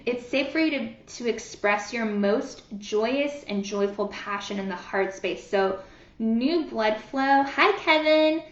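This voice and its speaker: Woman healer guiding a group session. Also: fairly high pitch. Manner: soothing, greets viewers by name, many fillers. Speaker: energy healer leading a live group session. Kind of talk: live-streamed guided healing session. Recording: roomy, dull lo-fi sound.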